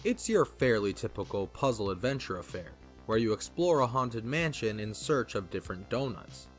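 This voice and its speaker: A man narrating a scripted video essay with a wry, lively delivery. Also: lowish voice, moderate pace, faint music behind.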